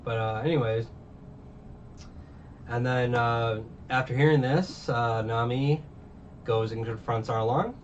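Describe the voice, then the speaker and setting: A man's voice: medium pitch, slow pace, pauses often. A young man casually recapping anime episodes, rambling with many fillers and restarts. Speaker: anime reviewer. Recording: dull distant mic, faint hiss.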